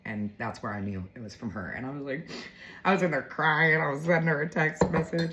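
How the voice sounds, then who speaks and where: A woman's voice: deep voice, brisk, fairly bright tone, slight background noise. A woman in her forties talks straight to her viewers, heartfelt and chatty, slipping in fillers. The sound is a bit dull and lo-fi, with faint ambience behind her. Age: 40s. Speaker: vlogger. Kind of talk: casual storytelling to viewers.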